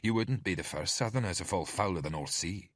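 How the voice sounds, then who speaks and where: A menacing thug with a Scottish accent growls threats, played by a male narrator. His voice is deep and husky. It sits dry and close to the mic. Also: expressive, a little fast, a bit bright, no echo.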